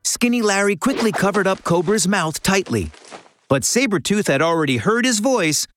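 A woman narrating a children's audio story in a clear, storytelling manner. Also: mid-range voice, lively intonation, moderate pace, soft background music.

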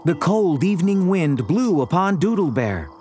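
A woman's voice: lowish voice, big pitch swings, normal speed, mellow. A woman narrating a children's cartoon story in a dramatic, suspenseful way. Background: children's music.

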